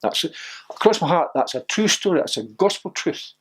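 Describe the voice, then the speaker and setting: A man's voice: on the high side, big pitch swings, moderate pace, a bit bright, slightly rough. An older Scottish man, a former footballer, reminiscing in an interview and telling stories with acted-out quotes. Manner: storytelling, laughs often, acts out quotes.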